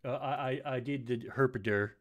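A man hosts a casual gaming news chat from a home setup, with a voice of ordinary pitch. He rambles, stumbles over his words and fills pauses with many uhs. He swears freely and goes off on tangents. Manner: rambling, stumbling, profane, lots of uh fillers. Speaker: podcast host. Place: home setup, live stream.

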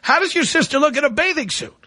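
A man's voice: very high voice, animated, fast talker, background noise. A man hosting a call-in radio show, needling a caller with provocative, repeated questions. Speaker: radio talk show host.

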